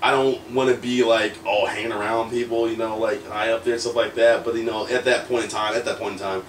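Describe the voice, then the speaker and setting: American man, young adult, pro wrestler guest, candid storytelling, animated, laughs a lot, echoey room, distant mic. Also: on the low side, a little fast. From United States. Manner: animated, laughs often, many restarts. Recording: roomy echo, mic at a distance, faint ambience.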